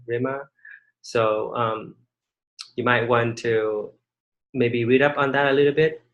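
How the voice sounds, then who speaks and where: A man's voice: medium pitch, fairly bright tone, rough recording. Male instructor lecturing in an online class. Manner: halting, many fillers and restarts, rhetorical questions.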